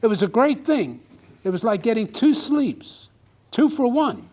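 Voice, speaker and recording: A man's voice: extremely high pitch, big pitch swings, a little slow, a little mellow. A man giving a humorous speech at a club meeting, telling a comic story to a live audience. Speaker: club speaker.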